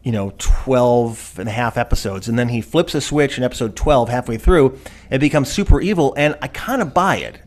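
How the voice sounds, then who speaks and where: Animated man rambling in casual chat. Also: mid-range voice. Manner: animated, rambling with fillers and quick mimicked voices. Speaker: podcast co-host.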